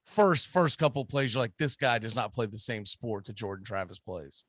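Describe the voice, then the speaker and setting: A man's voice: fairly low pitch, brisk, fairly bright tone, no echo. A man with a Southern US accent, hosting a sports radio show and ranting emphatically about football. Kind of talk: casual sports talk.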